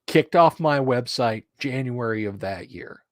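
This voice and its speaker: A middle-aged man hosting a casual livestream, rambling and hyping up his viewers with lively storytelling. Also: medium pitch, measured pace, dry recording, clean studio sound. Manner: animated, hype-building and rambling. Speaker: livestream host.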